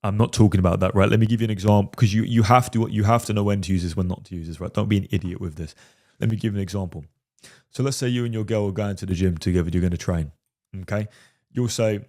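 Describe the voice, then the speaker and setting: A man's voice: lowish voice, fairly even intonation, fast talker, mellow. A man commenting on a film clip as a dating coach, emphatic and repeatedly checking in with "right?". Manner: emphatic, keeps asking "right?".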